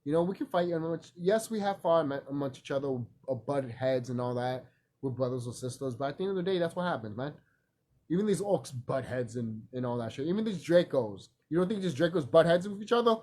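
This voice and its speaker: A man's voice: on the high side, lively intonation, fairly quick, darkish tone. A man talking in a casual, rambling vlog monologue, emphatic and profane, repeating himself and laughing often. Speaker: vlogger.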